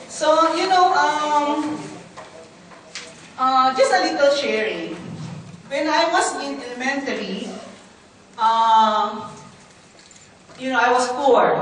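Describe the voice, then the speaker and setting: A Filipino woman in her fifties gives a chatty church talk, questioning the audience and slipping in Tagalog asides. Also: high voice. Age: 50s. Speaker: guest speaker at a church ministry event. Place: large hall. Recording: very echoey hall from far off, faint noise.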